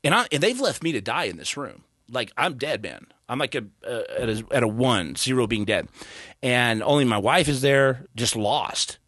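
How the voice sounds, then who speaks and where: A man's voice: mid-range voice, expressive, normal speed, fairly bright tone, no echo, studio quality. A man in his thirties, a podcast guest, telling his story in a casual, earnest way with stammered restarts. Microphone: studio podcast mic.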